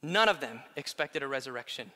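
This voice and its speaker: Male pastor preaching in a big hall with long reverb, high and bright-toned. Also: brisk. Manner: animated, swings from quiet to loud. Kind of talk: sermon.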